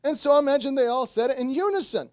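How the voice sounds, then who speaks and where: A pastor delivers a sermon in an animated storytelling manner, his pitch rising and falling widely. The sound is dry and close, with no room echo. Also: quick pace. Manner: animated storytelling, acts out voices in retelling.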